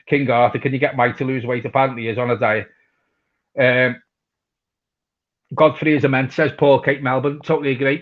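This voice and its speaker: Sweary English football fan host. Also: male voice, mid-range voice, fairly even intonation, normal speed, long pauses, highs cut off. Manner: casual, swears freely, reads chat messages aloud. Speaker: fan channel host reading viewer comments. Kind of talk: live match watch-along chat.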